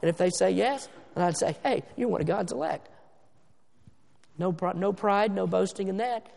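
A male pastor preaches in a high, heavily gravelly voice, pushing his points hard and stretching words out for emphasis. He drops from loud declarations to near-whispered asides, his voice echoing with the long reverb of a church sanctuary.

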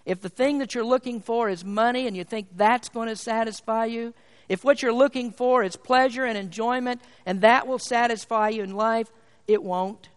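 Male preacher, high voice, emphatic sermon delivery with rhetorical questions, reverberant hall. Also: moderate pace, smooth.

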